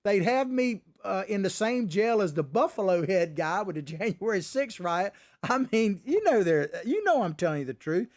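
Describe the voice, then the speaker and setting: A man's voice: sits high, sing-song, normal speed, few pauses, darkish tone. A middle-aged man hosting a commentary show, talking in a folksy, combative, rambling way. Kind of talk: opinionated political commentary.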